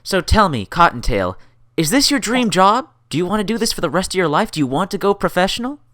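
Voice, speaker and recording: A woman's voice: on the low side, big pitch swings, fast, fairly bright tone. A woman hosting an interview, playful and teasing, asking questions and breaking into laughter. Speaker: interview host. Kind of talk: casual interview chat.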